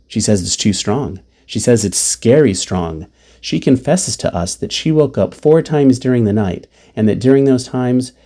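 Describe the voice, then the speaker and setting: A man reads diary entries aloud and breaks off for frank, wry asides. His voice is low and mellow. He talks bluntly and swears freely. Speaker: podcast host and caregiver.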